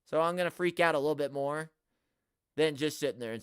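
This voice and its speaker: A man hosting a live stream, ranting at the chat in an animated, exaggerated way and swearing often. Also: a little high, fast, clean tone, dry recording, clean studio sound. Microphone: studio mic, no camera.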